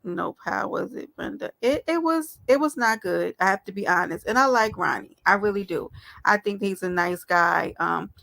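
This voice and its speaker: A woman's voice: medium pitch, normal speed, gravelly, fairly bright tone. A woman hosting a casual live stream, talking straight to her viewers in a chatty, affectionate way. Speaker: livestream host.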